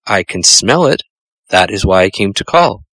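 A man voicing a slow, greedy old male toad who is jovial and pushy, with drawn-out, sing-song repetitions. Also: sits low, big pitch swings, fairly bright tone, dry recording, full character voice. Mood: cheerful.

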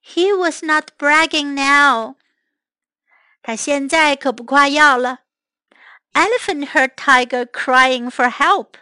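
A woman reading a children's story aloud line by line, translating each line, gentle and clear, as storyteller and English teacher. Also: high voice, slow pace, no echo.

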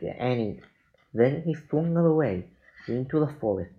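Slow man reading a children's book. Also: mid-range voice, expressive, dull audio. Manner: slow, deliberate reading with small slips. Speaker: reader.

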